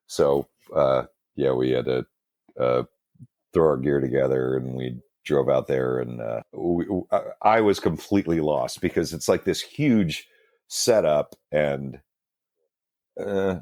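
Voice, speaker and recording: Guest musician, man with a very low voice, loose and self-deprecating, plenty of ums; dry, close recording. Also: lively intonation, slow pace, darkish tone, no room sound. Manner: rambling, self-deprecating, many fillers and restarts. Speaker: guest musician, band singer. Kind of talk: casual storytelling interview.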